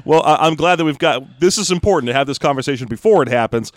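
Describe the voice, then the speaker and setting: Joking podcast host, dry close voice. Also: male voice, a little high, lively intonation, no room sound. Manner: joking, quick, laughs often. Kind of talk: casual podcast banter.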